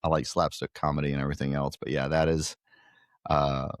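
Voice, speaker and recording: Deep-voiced man telling stories, dry sound. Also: flat delivery, brisk, no echo. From Guatemala. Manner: jokey, self-deprecating storyteller. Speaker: podcast guest, pickleball club owner. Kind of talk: casual interview chat.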